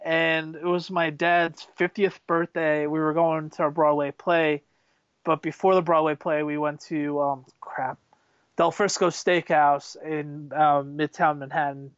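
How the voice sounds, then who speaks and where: A man casually telling excitable, rambling stories, full of fillers and restarts. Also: on the high side, a little slow, clear, resonant tone, no room sound, lo-fi sound. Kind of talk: casual storytelling chat.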